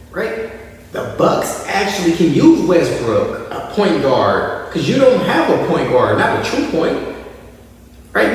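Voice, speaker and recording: Male podcast host, high lively voice, slow delivery, mocking sports banter, roomy echo, off-mic. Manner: animated, mocking impressions of players and coaches. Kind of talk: casual sports commentary. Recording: echoey room, voice from a distance.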